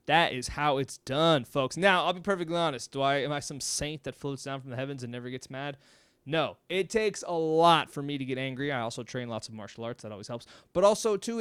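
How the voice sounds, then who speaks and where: Energetic man coaching, smooth resonant voice. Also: mid-range voice, brisk, no room sound. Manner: energetic, emphatic, acts out sample dialogues. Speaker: mental health life coach and show host. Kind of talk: casual advice monologue. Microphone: close microphone.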